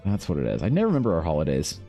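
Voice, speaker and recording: A man from Canada with a fairly low voice talks loosely through an art livestream. He rambles, swears freely and reads viewer comments aloud as he works, with soft music playing quietly behind him. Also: wildly swooping pitch, very fast, gravelly. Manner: rambling, profane, reads chat aloud while drawing. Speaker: artist streamer. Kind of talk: casual livestream chat.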